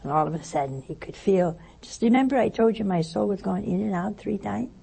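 A woman giving a spiritual talk, telling a story in a lively way and acting out the voices she quotes. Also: mid-range voice, a little fast, creaky, slightly rough, poor audio. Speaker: religious teacher.

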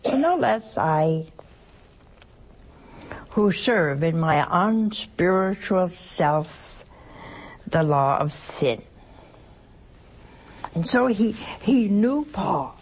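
A woman's voice: mid-range voice, animated, slow pace, long pauses, a little mellow, breathy edge. An older woman, a nun, giving a folksy, playful spiritual talk on a call-in television program in a studio, chuckling often between points.

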